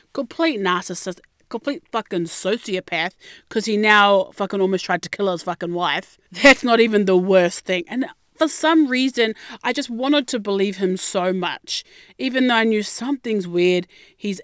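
A woman with an Australian accent, telling a personal story in a blunt, heavily profane and animated way. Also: mid-range voice, clean tone, dry recording, clean studio sound. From Melbourne, Australia.

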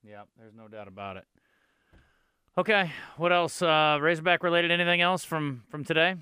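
A man's voice: on the high side, normal speed, bright, forceful tone, smooth, no room sound, clean studio sound. A man hosting a sports talk radio show, joking and chatting in a friendly way with callers. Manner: friendly, upbeat banter with callers.

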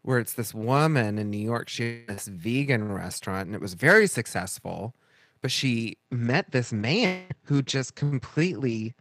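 A man's voice: medium pitch, no echo, clean studio sound. A man co-hosting a casual podcast chat, telling stories and acting out other people's lines as he goes. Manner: animated storyteller, acts out quoted voices. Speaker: podcast co-host.

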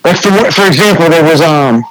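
A man's voice: on the high side, lively intonation, fairly quick, fairly bright tone, slight background noise, low-quality recording. A young man with a New England accent, a graffiti artist telling a story as a podcast guest in a laid-back, swearing, filler-heavy way. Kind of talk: casual storytelling chat.

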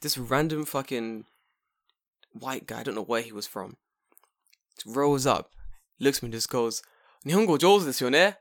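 A young man talks bluntly in a casual chat and swears freely. His voice has a heavy gravelly fry at a middle pitch. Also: a little slow, pauses often, fairly bright tone. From London.

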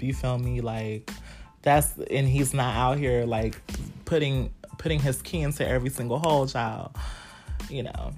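Brief: low-pitched woman in her twenties, candid solo podcast host, salty and laughing, soft music behind. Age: 20s. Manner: frank, profane, laughing, talks straight to listeners.

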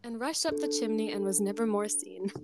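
A young woman co-hosting a podcast who reads an old folk tale aloud with lively voices for the characters, then chats casually with lots of "like" and laughter. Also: mid-range voice, brisk. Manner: animated reading with voiced characters, chatty with many likes and laughs. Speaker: podcast co-host.

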